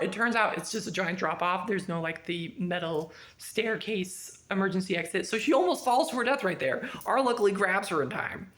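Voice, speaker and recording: A woman talking through a book review in a casual, chatty vlog, acting out the dialogue with sudden jumps in pitch. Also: fairly quick, hardly any pauses, a bit bright.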